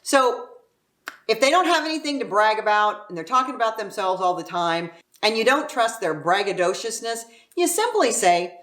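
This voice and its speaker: A woman's voice: a little high, big pitch swings, normal speed, fairly bright tone, roomy sound. A woman from Southern California explaining local slang phrases in a playful manner, drawing out words for emphasis. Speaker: real estate agent teaching local slang. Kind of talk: casual explainer to camera.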